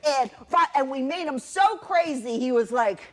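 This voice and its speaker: A woman's voice: high-pitched, lively intonation, normal speed. A middle-aged woman performing a sardonic, profane storytelling monologue on a theater stage. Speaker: solo performer.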